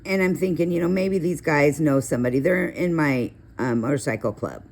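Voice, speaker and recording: Middle-aged woman, deep speaking voice, relaxed chatty host who drifts into long personal stories. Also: a little fast. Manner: chatty, storytelling, rambling asides. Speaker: coloring video host. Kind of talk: casual coloring tutorial chat.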